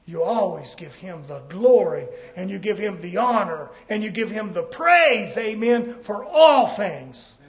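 A man preaching a sermon, telling folksy stories and rising into fervent shouts. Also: sits high, lively intonation, measured pace, few pauses. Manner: folksy storytelling.

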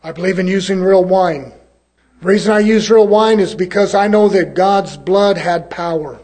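A preacher from California, a man preaching a fiery sermon in a folksy way, swinging from loud to low.

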